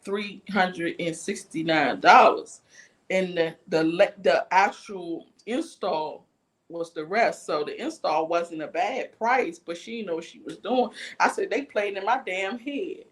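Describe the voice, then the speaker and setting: Her voice sits low and moves a little slowly as she hosts a livestream. She tells a story in a loose, foul-mouthed, animated rant, voicing each character along the way.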